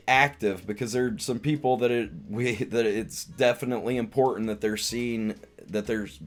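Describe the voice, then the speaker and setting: Rambling man recapping a film casually. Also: lowish voice. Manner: rambling, meandering retelling with frequent restarts. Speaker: streamer and comedian reviewing a film.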